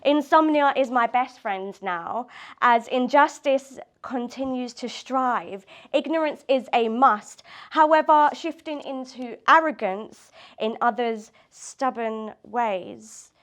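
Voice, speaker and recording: Woman poet, fairly high voice, laughs easily, chatty between poems, reads aloud at a live event. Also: slow. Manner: laughs often, loose chat with fillers before reading. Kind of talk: poetry reading and casual chat. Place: community space at a live reading event.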